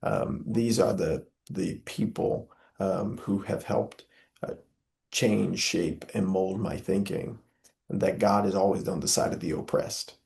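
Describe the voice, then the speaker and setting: A young man from the Southern US, an interview guest, speaks slowly in a low, slightly mellow voice with vocal fry. He's impassioned and preacherly, his earnest talk peppered with filler "uh"s.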